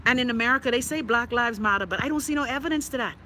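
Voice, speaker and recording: A woman's voice: a little high, racing, pushed and bright, a little hiss or hum. A woman from the Bahamas with a Bahamian accent, chatting on a live stream, reading viewer comments in an outspoken, sassy, profane way and laughing often. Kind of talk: casual live-stream chat.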